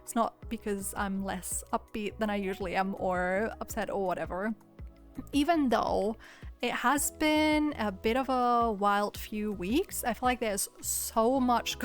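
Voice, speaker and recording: Chatty young woman with a weak, cracking voice. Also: mid-range voice. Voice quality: subdued, monotonous delivery. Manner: chatty, rambling, laughs often. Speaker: video creator. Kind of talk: casual chat voiceover. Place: home voiceover.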